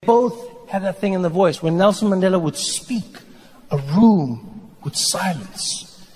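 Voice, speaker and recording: A stand-up comedian tells his stories with animated energy, often shouting out punchlines. His voice is fairly high. He speaks into a handheld mic on a theater stage, with a faint hum behind him. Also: a little slow, long reverb tail.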